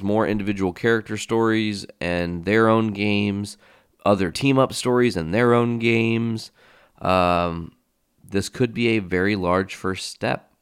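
Low-voiced, smooth male podcast host. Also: no echo, clean studio sound. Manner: rambling, enthusiastic riffing with fillers; casual swearing. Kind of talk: casual solo podcast talk.

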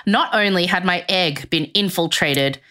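A woman's voice: on the low side, measured pace, pushed and bright. A woman hosting a podcast who reads a personal essay aloud, breaks into chatty asides, laughs often and acts out other people's voices. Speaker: podcast host.

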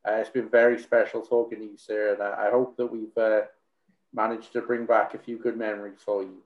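A man's voice: fairly low pitch, level tone, fairly quick. A male podcast host wraps up the conversation with hesitant fillers. He sounds roomy, and the audio is dull and lo-fi. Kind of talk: casual interview hosting.

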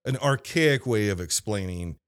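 Low-voiced man rambling through a review. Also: lively intonation, normal speed, clear, resonant tone. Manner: rambling, thinking aloud with restarts and asides. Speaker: movie review host. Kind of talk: solo off-the-cuff film review. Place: video store. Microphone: studio microphone.

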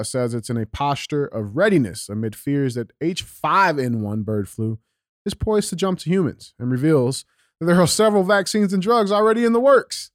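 A man's voice: medium pitch, dry recording, studio quality. Profane young man reading news aloud. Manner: animated, profane, many fillers and restarts. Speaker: podcast host. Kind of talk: casual political commentary, reading news aloud.

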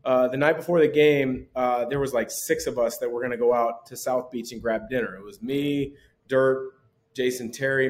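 A man in his forties, a former pro basketball player, telling lively anecdotes as a podcast guest and chuckling often. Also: medium pitch. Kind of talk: casual storytelling.

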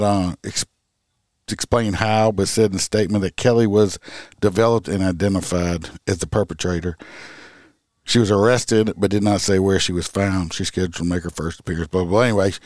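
A man's voice: fairly low pitch, dry recording, studio quality. A man, a police officer hosting a true crime podcast, talking bluntly and profanely in a loose, rambling way. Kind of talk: casual true crime commentary.

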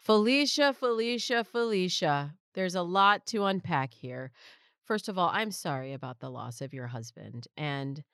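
A woman's voice: extremely low pitch, moderate pace, gravelly, pushed and bright, no echo, studio quality. A woman hosting an advice show, answering a listener's letter in a frank, conversational way. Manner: frank, conversational, gives pointers directly. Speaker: dating advice host.

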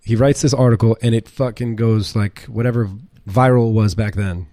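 Brief: middle-aged male chef, low voice, rambling anecdotes, dry close mic. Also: normal speed, no echo. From United States. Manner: rambling, animated, swears, many fillers. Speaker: chef and restaurant owner, guest. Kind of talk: casual storytelling interview.

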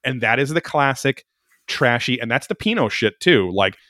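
Casting: man telling a rambling, swear-heavy story, middle pitch, dry close sound. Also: normal speed, no room sound. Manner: animated, profane, rambling storyteller. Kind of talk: casual chat, storytelling.

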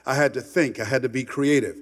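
A man from Miami giving an impassioned motivational speech, repeating words for emphasis and dropping to a hush for stories. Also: medium pitch, fast talker, long reverb tail. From Miami, United States. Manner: emphatic, repeats words, swings from loud to hushed storytelling. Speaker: motivational speaker.

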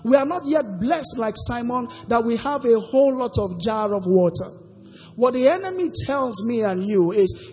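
Her voice fairly high, dark in tone and lively in intonation, a woman preaches at a moderate pace in a church hall, asking the congregation questions to answer and singing some phrases in a lilt. There's long hall reverb and faint music in the background.

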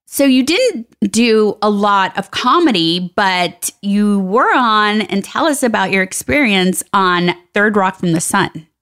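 A woman co-hosting a podcast, chatting casually, giddy and teasing, quick to exclaim. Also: medium pitch, expressive, fairly bright tone. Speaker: podcast co-host.

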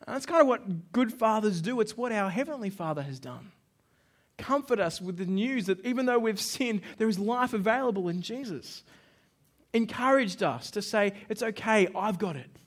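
A man's voice: high voice, moderate pace. A man preaching a sermon, telling stories with acted-out dialogue. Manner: storytelling, animated, plays out dialogue with shouts. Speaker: pastor.

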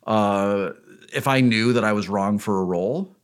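A man's voice: fairly low pitch, normal speed, clear, resonant tone. Male actor guest, casual chat, hesitant, self-mocking. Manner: self-deprecating, hesitant with many restarts.

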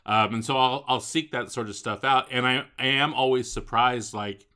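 A man co-hosting a casual book discussion podcast, talking haltingly with frequent "um" and restarts. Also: mid-range voice, fairly even intonation, bright, forceful tone, smooth. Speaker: podcast co-host.

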